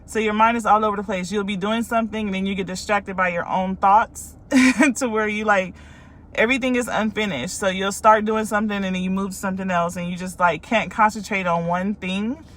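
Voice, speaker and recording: A woman's voice: mid-range voice, steady tone, fairly quick, fairly bright tone. A woman life coach from California, talking casually and candidly to her followers about her own experience, with many ums and likes.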